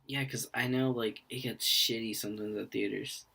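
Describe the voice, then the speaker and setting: A young man co-hosting a podcast, chatting loosely and jumping in with quick jokes. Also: on the low side, steady tone, creaky, pushed and bright, husky. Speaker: podcast co-host. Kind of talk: casual chat.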